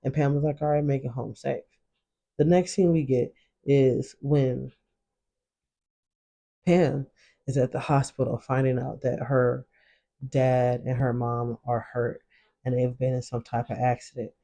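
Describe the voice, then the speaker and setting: Gravelly-voiced man recapping a show. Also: medium pitch, flat delivery, a little slow, long pauses, mellow. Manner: loose slangy storytelling, acts out quotes. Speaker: show reaction host. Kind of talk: casual recap commentary.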